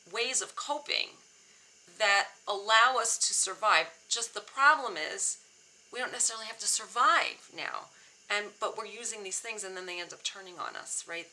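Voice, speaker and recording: A woman's voice: medium pitch, bright, forceful tone, rough recording. A middle-aged woman therapist sharing a personal story, speaking candidly and earnestly with frequent restarts, emotional at times. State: emotional, near tears. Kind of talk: personal reflective talk.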